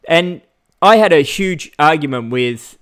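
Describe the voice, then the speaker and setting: A man with an Australian accent chatting casually on a livestream, rambling with many fillers and pausing to greet viewers. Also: fairly high pitch, animated, a bit bright. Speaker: vlogger.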